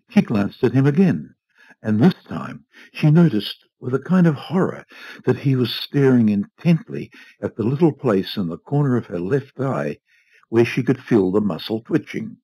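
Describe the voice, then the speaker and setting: Low-voiced man reading a story. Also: dry recording, highs cut off. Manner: measured, expressive storytelling. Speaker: reader. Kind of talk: audiobook narration.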